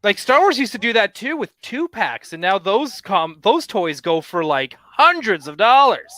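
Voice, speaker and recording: Man from Canada, podcast guest, very high and bright voice, chatty and matter-of-fact, dry close mic. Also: very animated, moderate pace, no echo. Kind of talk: casual podcast chat.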